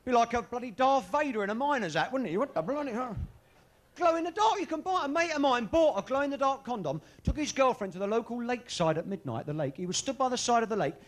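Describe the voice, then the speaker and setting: A man delivers a stand-up set in a strikingly high voice. His pitch swings widely as he goes. He teases the crowd with cheeky, bawdy banter. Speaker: stand-up comedian. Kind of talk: stand-up comedy routine. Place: live comedy venue with audience.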